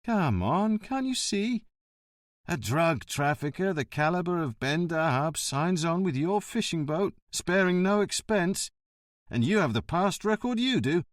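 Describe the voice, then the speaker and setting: A man's voice: high voice, sing-song, measured pace, no echo, studio quality, voice pushed up. A man doing a sly, probing police commissioner. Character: shrewd middle-aged male police vice commissioner.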